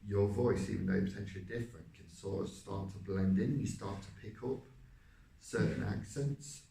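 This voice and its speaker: A man, an actor, reflecting on his vocal technique, halting and searching for words. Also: lowish voice, vocal fry, warm tone. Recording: roomy, distant mic.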